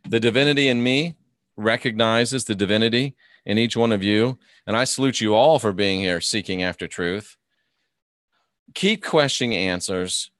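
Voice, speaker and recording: Low-voiced man ranting mockingly. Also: normal speed, a bit bright, dry recording, studio quality. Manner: mocking, combative, reads chat comments aloud. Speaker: host of a live stream. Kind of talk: ranting live-stream commentary.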